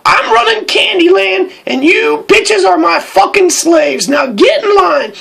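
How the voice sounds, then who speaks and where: Brief: woman voicing a tyrannical bully teacher, very high, bright and gravelly, shouting profane rants. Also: animated, unhurried, heavily acted. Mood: ranting. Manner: shouting, profane, mocking rant.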